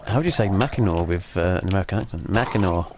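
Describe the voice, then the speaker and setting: Low-voiced joking man streaming. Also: animated, rapid-fire, a crowd in the background. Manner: joking, chatty, with frequent fillers. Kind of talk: casual gaming chat.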